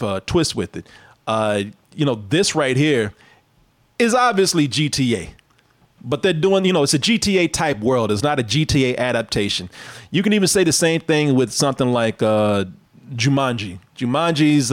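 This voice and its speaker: A man in casual, profane conversation about movies, animated and quick to laugh. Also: mid-range voice. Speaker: podcast co-host. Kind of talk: casual movie-review chat.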